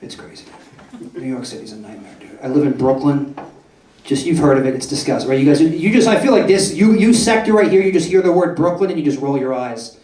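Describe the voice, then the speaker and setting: A man's voice: on the high side, animated, a little fast, darkish tone, far from the mic. A young man doing a stand-up comedy set in a club, brash and profane, often asking the crowd "right?". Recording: roomy club echo, voice off-mic.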